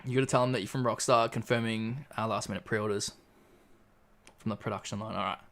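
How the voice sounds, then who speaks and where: A man's voice: lowish voice, fairly even intonation, fairly quick, gravelly, a bit bright. An Australian man hosting a livestream in casual chat, laid-back and swearing freely as he reads out chat messages. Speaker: livestream host.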